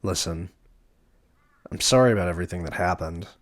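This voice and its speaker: A man's voice: low voice, fairly quick, close to an everyday voice. A man reading aloud the earnest, apologetic lines of a young man in a story game.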